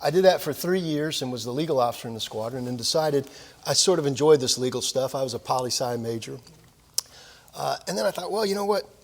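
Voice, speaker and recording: A man's voice: medium pitch, fairly quick, vocal fry, in a large hall. An older man, a retired naval officer, giving a lecture with folksy, self-deprecating stories and frequent fillers. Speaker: guest speaker at a military lecture series. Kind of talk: anecdotal lecture. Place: lecture hall of a club.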